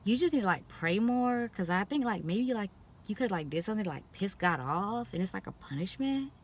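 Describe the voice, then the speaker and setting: A woman's voice: mid-range voice, a little fast, slight background noise. A young woman in a casual talking-to-camera vlog, speaking frankly and bluntly and acting out the things people say to her in mocking voices. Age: young adult. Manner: animated, expressive, quoting others in mocking voices. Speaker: vlogger.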